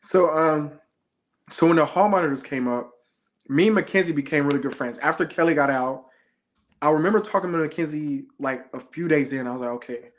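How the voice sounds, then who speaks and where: A man's voice: fairly high pitch, brisk. Laid-back young man telling stories. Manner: laid-back storytelling, slangy. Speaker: reality show contestant guest. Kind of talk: casual interview chat.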